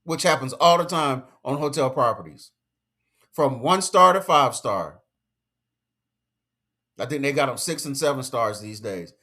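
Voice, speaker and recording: A man's voice: medium pitch, expressive, unhurried, long pauses, bright, forceful tone. A man giving a casual commentary rant, emphatic and lecturing, full of slang and repeated points. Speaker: commentary vlogger.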